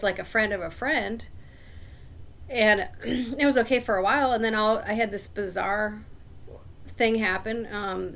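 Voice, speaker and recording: A woman with a gravelly, fry-edged voice tells a long personal story in a loose, casual way. She sounds aggrieved and suspicious, and she keeps clearing her throat between her rambling sentences. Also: mid-range voice, a bit bright.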